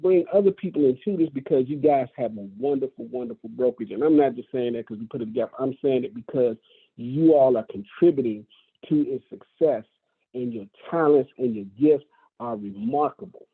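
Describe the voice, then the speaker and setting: A man's voice: mid-range voice, brisk, breathy edge. A man leading a real estate brokerage gives a folksy, enthusiastic motivational speech to his agents, often repeating himself for emphasis. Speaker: brokerage leader addressing agents. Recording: tinny phone-like sound.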